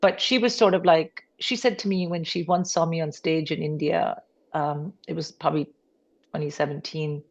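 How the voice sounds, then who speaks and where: A middle-aged woman comedian telling family stories in a podcast interview, animated, slipping into her relatives' voices and swearing casually. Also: low voice, moderate pace, dull audio. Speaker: comedian guest.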